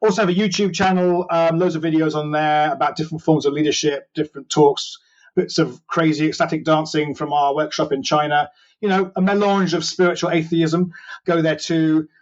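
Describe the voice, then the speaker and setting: A man's voice: fairly high pitch, steady tone, a little fast, highs cut off. A male podcast guest talking casually and enthusiastically as he plugs his channels. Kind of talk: casual interview chat.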